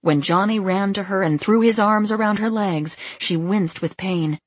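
A woman narrating a novel in a calm storytelling manner. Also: medium pitch, normal speed, husky, no echo. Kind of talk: scripted narration.

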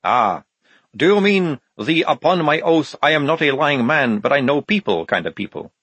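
Brief: wry vampire woman soldier, knowing and dry, lively in tone, done by a man. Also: on the high side, normal speed, breathy edge, no echo, voice pushed up, exaggerated voice. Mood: sly.

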